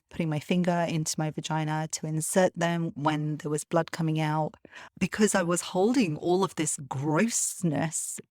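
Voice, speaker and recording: A woman with a low voice hosts a solo podcast, speaking earnestly and confidingly. She laughs softly now and then. The sound is dry and close, with no room around it. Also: dry recording. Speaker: podcast host.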